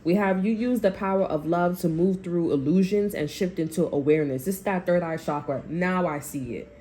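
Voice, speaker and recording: A woman's voice: fairly low pitch, fairly quick, dark tone. A woman giving a casual tarot reading, blunt and rambling, with heavy swearing and frequent repetition. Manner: rambling, repeats herself. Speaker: tarot reader.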